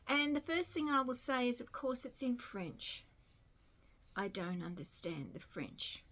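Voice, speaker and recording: A woman's voice: a little high, sing-song, unhurried, a bit bright. An Australian woman talking casually to camera at home in a rambling, self-deprecating way. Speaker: vlogger. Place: home in Melbourne.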